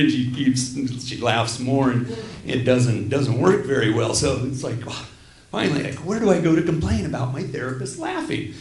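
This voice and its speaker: A man's voice: mid-range voice, vocal fry. A middle-aged man performing a stand-up set on a small theater stage, self-deprecating and rambling, often breaking off to apologize. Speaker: stand-up comedian. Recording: roomy live theater sound.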